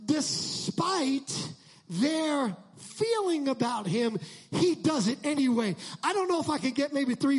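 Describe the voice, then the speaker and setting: A male pastor preaching a sermon, moving between quiet joking asides to the congregation and shouted climaxes. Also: extremely high pitch, expressive, a little slow. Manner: jokey, conversational asides to the congregation.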